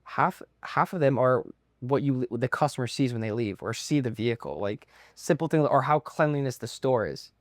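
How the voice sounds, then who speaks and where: A man hosting a casual podcast interview, asking quick, upbeat questions. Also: mid-range voice, lively intonation, no echo, studio quality. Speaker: podcast host.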